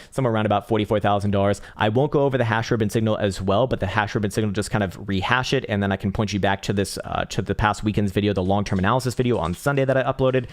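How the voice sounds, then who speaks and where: Casting note: young male crypto streamer, lower-pitched voice, loose and profane, quick to laugh. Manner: profane, animated, laughs often. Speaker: crypto trading livestream host. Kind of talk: casual live market analysis.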